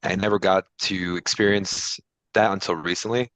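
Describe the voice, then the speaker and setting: A man co-hosting a webinar, telling a work story quickly and chattily. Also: low voice, fairly even intonation, fairly bright tone, no echo, poor audio. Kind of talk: casual storytelling.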